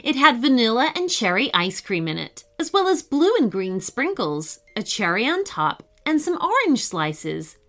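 Lively, bright-voiced woman telling a kids' story. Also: mid-range voice. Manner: lively, expressive reading. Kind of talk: children's story narration.

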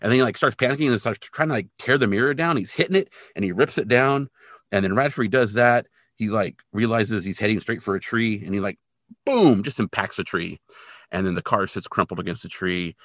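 A man's voice: fairly low pitch, fairly quick, fairly bright tone, no room sound, clean studio sound. A man co-hosting a podcast, retelling a TV episode in a loose, casual way with lots of filler words. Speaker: podcast co-host.

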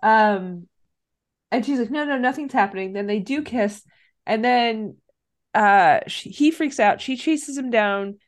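A woman's voice: on the high side, measured pace. A woman casually recapping a teen movie plot on a podcast, acting out the characters' lines. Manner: recounts plot animatedly, acts out lines. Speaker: podcast co-host.

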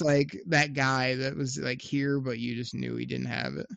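Gravelly man in rambling sports chat. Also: medium pitch, a little slow, crowd noise. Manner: rambling, laughs often, many restarts. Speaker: podcast co-host.

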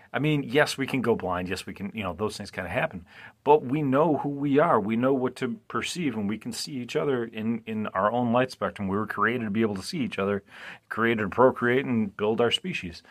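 A man hosting a podcast, recapping a movie in a casual, rambling way, often restarting and asking listeners "right?". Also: mid-range voice. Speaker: podcast host.

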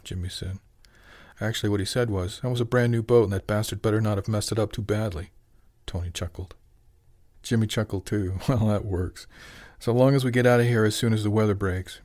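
A man reading a novel aloud as narrator, even in his storytelling and lifting his voice for the characters' lines. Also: lowish voice. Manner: even storytelling, lifts into dialogue. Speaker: audiobook narrator. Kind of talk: scripted narration.

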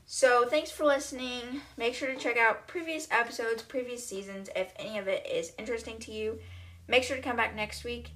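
A woman's voice: a little high, brisk, a bit bright. A woman hosting a podcast, casually retelling a novel chapter by chapter with chatty, wry asides. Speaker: podcast host.

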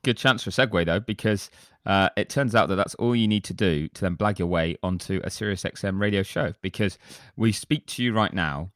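A low-pitched man hosts a casual podcast, chatty and self-deprecating as he reads listener reviews aloud. His voice is deep, and the sound is dry and close to the mic. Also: brisk, fairly bright tone, dry recording. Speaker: podcast host.

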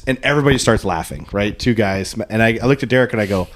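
A young man co-hosting a casual podcast chat, telling animated anecdotes and laughing through them. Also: lowish voice, quick pace, hardly any pauses. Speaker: podcast co-host.

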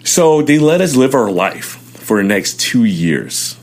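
A young man in his twenties, an interview guest telling his life story in an animated way. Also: medium pitch, slow. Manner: animated storytelling, acting out quotes loudly.

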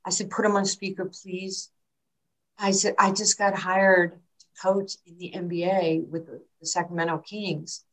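An older woman tells stories in an interview, acting out what people said. Her voice sits a little low for a woman. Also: normal speed, low-quality recording. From New York. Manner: animated storyteller, acts out quotes. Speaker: basketball coach. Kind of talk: storytelling interview.

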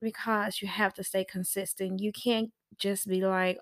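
A woman's voice: medium pitch, little pitch movement, measured pace, few pauses, no echo, studio quality. A middle-aged woman, a nanny hosting a parenting show, giving casual, sassy advice and acting out the people she quotes.

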